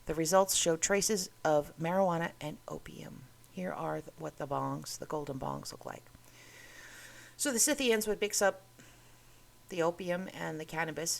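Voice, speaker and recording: Casting: chatty woman host, low voice with gravelly fry, rambling delivery. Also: normal speed. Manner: chatty, rambling, self-interrupting. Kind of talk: casual talk reading curiosities.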